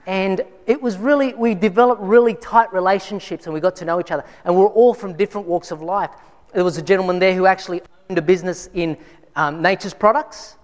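A man's voice: high voice, fast talker. A man preaching a sermon in a church, telling a personal story in a conversational way with frequent restarts. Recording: long hall reverb.

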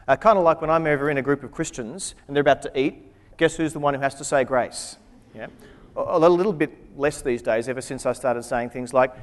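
A man preaching a humorous sermon, retelling scripture with wry joking asides. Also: on the high side. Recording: long hall reverb.

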